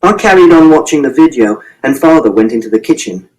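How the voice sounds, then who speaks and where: A man's voice: mid-range voice, lively intonation, fairly quick, a little mellow, low-quality recording. A man reading a first-person audiobook in a precise, literal, matter-of-fact way. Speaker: audiobook narrator.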